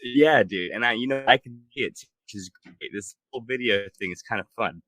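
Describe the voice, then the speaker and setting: A man co-hosting a casual podcast chat, talking in a relaxed, laid-back way with many fillers. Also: mid-range voice, fairly quick, no echo, rough recording. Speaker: podcast co-host.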